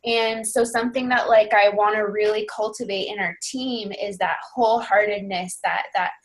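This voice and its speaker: A woman's voice: medium pitch, fairly even intonation, normal speed. A young woman leading a team call as a fitness coach, speaking earnestly in a rambling, casual way full of fillers. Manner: earnest, rambling, heavy on fillers like "you know" and "like".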